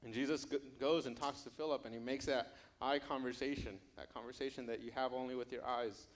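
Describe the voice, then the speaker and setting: A man's voice: medium pitch, fairly even intonation, a little fast. Male pastor telling a story in a sermon. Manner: storytelling narration with dramatized dialogue.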